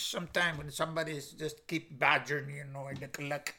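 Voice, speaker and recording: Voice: mid-range voice, fairly even intonation, a little fast, hardly any pauses, a little hiss or hum. A language teacher going through a vocabulary lesson, saying each word, repeating it and defining it with a string of English synonyms, in a plain, patient way. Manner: plain, patient explaining with soft asides and small laughs.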